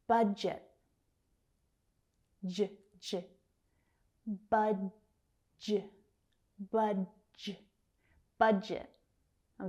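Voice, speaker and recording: A woman teaching English pronunciation, carefully repeating each word slowly. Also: on the high side, dark tone. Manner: careful, drawn-out repetition of words. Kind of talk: slow pronunciation lesson.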